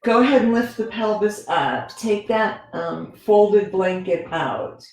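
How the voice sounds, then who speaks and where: A woman teaching a gentle yoga class, talking the students through each pose in a relaxed, conversational way and often checking in with "right?". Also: medium pitch, slow. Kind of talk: guided yoga instruction. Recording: very echoey room with faint music.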